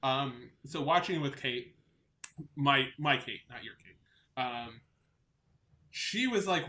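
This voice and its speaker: A man's voice: mid-range voice, expressive, takes it slowly, pauses often, sharp tone, reverberant. A man from Long Island with a light New York accent, co-hosting a podcast in casual chat, rambling and enthusiastic with many restarts. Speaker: podcast co-host.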